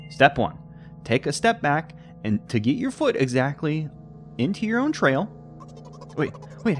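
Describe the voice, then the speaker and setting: A young man reading a text game aloud with playful commentary, jumping between squeaky high and low reading voices.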